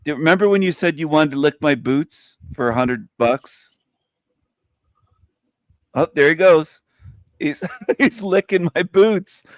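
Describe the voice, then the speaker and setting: A man's voice: a little high, expressive, unhurried, long pauses, dry recording. A man on a regular online panel, chatting casually and teasing the others with frequent laughs.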